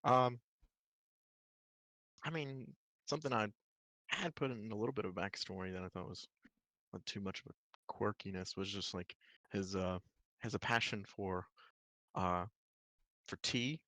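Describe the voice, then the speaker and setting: A man speaks in an online game chat, pausing often and leaning on filler words as he finds his thoughts. His voice is mid-pitched and the sound is dry, with no room echo. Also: pushed and bright. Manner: hesitant, many "like" and "um" fillers. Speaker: player. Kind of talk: casual chat describing his character.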